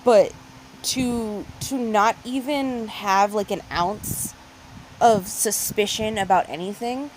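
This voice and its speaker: A woman's voice: mid-range voice, takes it slowly, a little hiss or hum, rough recording. A woman co-hosting a casual podcast, talking bluntly and with exasperation, with lots of swearing. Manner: profane, blunt, exasperated ranting. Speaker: podcast co-host. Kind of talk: casual chat.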